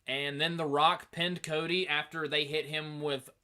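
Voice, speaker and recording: Animated male host, bright and fairly high, casual profane rambling. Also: measured pace. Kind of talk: casual review commentary.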